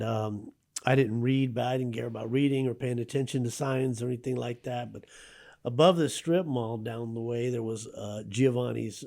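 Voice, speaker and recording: Brief: fifties male author guest, gravelly mid-range voice, lively conversational storytelling. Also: mid-range voice. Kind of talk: radio interview storytelling.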